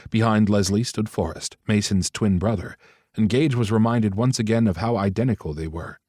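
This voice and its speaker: Recorded dry and close in a studio with no echo, a male narrator with a low voice reads scripted audiobook text. His storytelling is measured and even.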